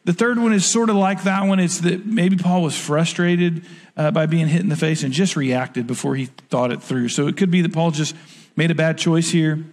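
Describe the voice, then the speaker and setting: A pastor preaches in a casual, conversational way and slips into the voices of the people he quotes. His voice sits slightly high for a man. Long reverb hangs on every phrase, as in a large sanctuary. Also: moderate pace, a little mellow. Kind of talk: sermon.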